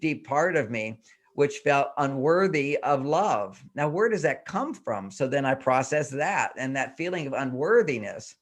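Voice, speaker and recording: An older man, a guest on a talk show, explaining in earnest tones. He asks himself question after question and acts out the inner voices as he goes. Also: medium pitch. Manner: self-questioning with repeated rhetorical questions. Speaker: guest relationship expert.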